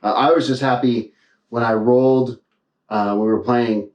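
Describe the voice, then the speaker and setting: A man's voice: mid-range voice, steady tone, normal speed, far from the mic, dull audio. A man hosting a podcast, asking questions casually and giving short encouraging replies. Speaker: podcast host. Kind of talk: casual interview chat. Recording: roomy echo.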